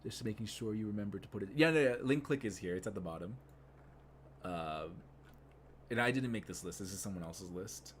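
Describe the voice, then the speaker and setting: A man's voice: lowish voice, a little fast, slight background noise. A young man streaming live, rambling casually with many fillers and restarts.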